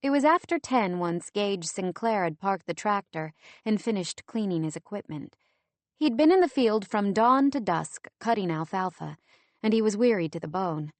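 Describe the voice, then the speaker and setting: A woman narrating a romance audiobook in a steady, measured storytelling manner. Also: mid-range voice, no room sound. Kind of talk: scripted narration.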